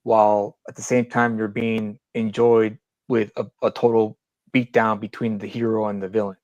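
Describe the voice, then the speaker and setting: A man's voice: fairly low pitch, little pitch movement, moderate pace, a little mellow, no echo, lo-fi sound. A man co-hosting a casual podcast, talking in long rambling opinionated runs with many restarts. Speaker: podcast co-host. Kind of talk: casual chat.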